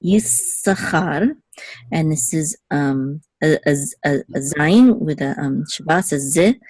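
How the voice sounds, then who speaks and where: A woman with a notably low voice, teaching Hebrew letters and vowels in a patient, step-by-step way. She checks in often with a quick "okay?" The recording is dry and close, with no room sound. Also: warm tone, no room sound. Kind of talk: one-on-one lesson.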